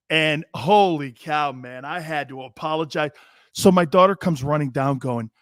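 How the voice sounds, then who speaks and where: A middle-aged man hosts a sports talk show in a rambling, animated, profane way. His voice sits a bit high for a man. The sound is close and dry. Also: moderate pace, no echo. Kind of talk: casual sports talk banter.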